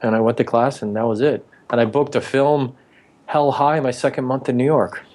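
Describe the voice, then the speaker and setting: A man's voice: medium pitch, steady tone, moderate pace, darkish tone. Man in his forties telling career stories. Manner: rambling anecdotes, acting out quoted speech. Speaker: actor and author, interview guest. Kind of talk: casual interview storytelling.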